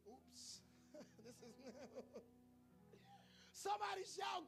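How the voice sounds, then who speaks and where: A male preacher, delivering a sermon that swings between playful quiet asides to the congregation and shouted preaching. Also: extremely high pitch, lively intonation, normal speed, gravelly, soft background music.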